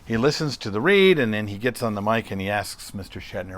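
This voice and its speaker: A man's voice: fairly low pitch, big pitch swings, fairly quick, slight background noise. A middle-aged man hosting a solo podcast, talking conversationally and telling a story with rhetorical questions. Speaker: podcast host.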